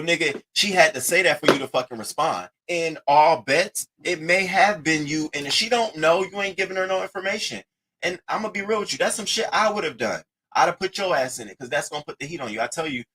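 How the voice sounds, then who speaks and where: A man hosting a casual commentary, reading text messages aloud and reacting to them with a profane, animated delivery. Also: a little high, slightly rough, rough recording. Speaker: commentary host.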